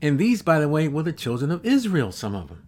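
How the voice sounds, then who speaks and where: A man in his fifties preaching a sermon, reading scripture slowly and emphatically, repeating verses and adding exclamations. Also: on the high side, wildly swooping pitch, darkish tone.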